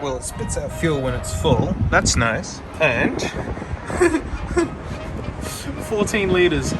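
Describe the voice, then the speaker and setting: An Australian man chatting on location for his vlog, excitable and urging, saying "mate" a lot. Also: fairly high pitch, a little slow, over loud music.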